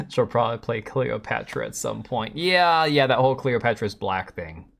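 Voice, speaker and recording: A man's voice: medium pitch, animated, measured pace, gravelly, a bit bright. A man hosting a casual live stream, reacting to clips with sarcastic, mocking remarks and talking to viewers. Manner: sarcastic, mocking, chats to viewers and his cat. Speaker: streamer host.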